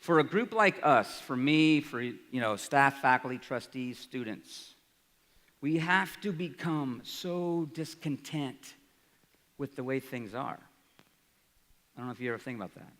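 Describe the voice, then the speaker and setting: A man in his forties giving an energetic speech to an audience, often asking "right?". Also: medium pitch, measured pace. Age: 40s. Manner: energetic, rhetorical, asks the crowd "right?". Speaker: college president. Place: large hall. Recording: reverberant hall, live speech.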